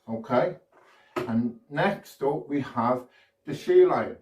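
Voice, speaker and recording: A man's voice: medium pitch, lively intonation, slow, darkish tone, a little hiss or hum. A man from the UK doing a children's magic show, with chirpy, sing-song patter that invites kids at home to join in. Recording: echoey room, far from mic.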